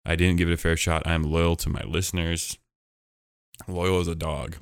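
A man's voice: sits low, level tone, normal speed, no room sound, studio quality. A man hosting a podcast, chatting casually in a rambling, jokey way with lots of fillers. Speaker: podcast host.

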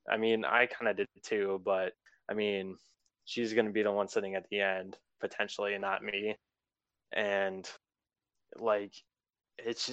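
Low, smooth young man, laid-back and rambling. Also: dry recording. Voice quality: self-described monotone. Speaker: eliminated player being interviewed. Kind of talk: casual exit interview.

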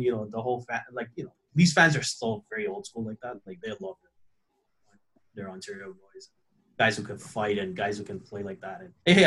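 A man of middle pitch chatting as a podcast guest over a video call. He rambles, repeats himself and laughs easily. His voice comes through a cheap headset. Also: a bit bright. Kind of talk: casual chat. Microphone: cheap headphones on a video call.

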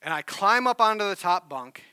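Bright-voiced pastor telling a story. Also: male voice, high-pitched, normal speed, clear, resonant tone, no room sound. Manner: animated storyteller, earnest and conversational. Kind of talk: sermon with personal story.

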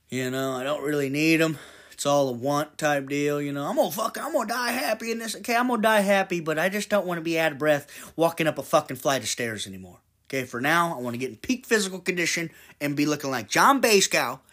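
Casting: man in his twenties, podcast host, solo rambling monologue, profane and jokey, mid-pitched voice. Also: a bit bright. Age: 20s. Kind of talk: casual monologue.

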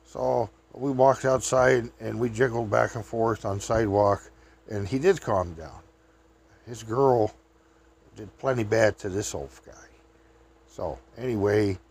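A man's voice: on the low side, gravelly, breathy edge. A man telling meandering anecdotes in a chatty, casual way. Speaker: vlogger. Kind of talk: rambling storytelling.

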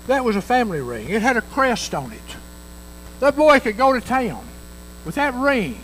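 A man's voice: extremely high pitch, big pitch swings, normal speed, pauses often, a bit bright, slight background noise, poor audio. A male pastor preaching a sermon in a folksy way, acting out the voices of the parable as he tells it.

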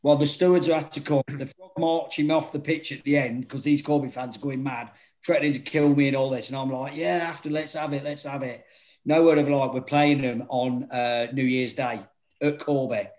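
A former football manager talks a little fast at medium pitch, telling stories in casual chat. He's animated, swears, and acts out quotes, all on a low-quality recording.

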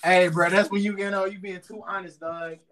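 A man's voice: sits high, flat delivery, fairly quick, fairly bright tone. A man, co-hosting a podcast and throwing in blunt, profane reactions. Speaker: podcast co-host. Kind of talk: casual chat, reacting.

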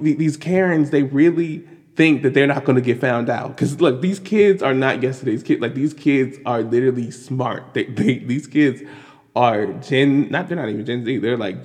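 A man giving casual, animated commentary on news, exasperated and full of restarts and fillers. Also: mid-range voice. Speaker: commentary vlogger. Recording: long hall reverb.

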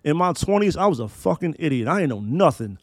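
A man's voice: a little high, very animated, quick pace, dry recording. A man in his thirties hosting a solo podcast, talking in emphatic, profane, preacher-like build-ups. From Maryland, US. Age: 30s. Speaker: podcast host.

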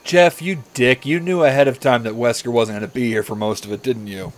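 A man's voice: medium pitch, a little fast, faint music behind. A man hosting a comedy podcast, reading a story aloud and often breaking into giggles.

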